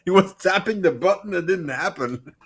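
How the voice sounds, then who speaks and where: Halting man in podcast chat. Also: high-pitched, lively intonation, breathy edge.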